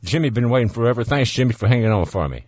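A man's voice: medium pitch, expressive, very fast, a little mellow, no room sound. A man with a Southern US accent hosting a call-in radio show, talking in a folksy, laid-back way. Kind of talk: casual call-in radio chat.

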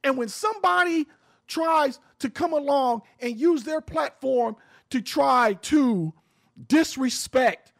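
A man's voice: extremely high pitch, slow pace, vocal fry, a bit bright. A man hosting a radio show, talking in a blunt, impassioned and profane way about his views. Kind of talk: heated opinion talk. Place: home in the Arizona desert.

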